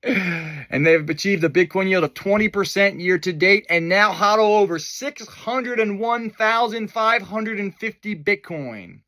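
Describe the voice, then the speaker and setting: A man hosting a casual crypto news rundown, chatty and enthusiastic, with fillers and quick asides. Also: sits high, sharp tone, no room sound. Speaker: host of a crypto news video.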